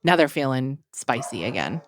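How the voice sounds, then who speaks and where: Low-voiced woman, brief and supportive. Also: big pitch swings, moderate pace, slight background noise. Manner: supportive listener, brief agreements. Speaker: podcast co-host. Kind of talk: casual chat. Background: dogs barking at home.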